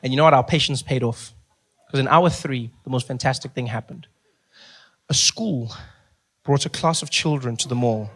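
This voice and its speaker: A man with a South African accent doing animated stand-up storytelling, acting out the people in it. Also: medium pitch, moderate pace, pauses often. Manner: animated, playful, acts out characters. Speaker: stand-up comedian.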